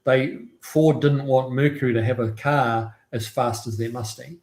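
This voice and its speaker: A man's voice: medium pitch, steady tone, unhurried, darkish tone. A man hosting a casual live stream, chatting about classic cars and answering viewers' comments with easy laughs. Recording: roomy echo.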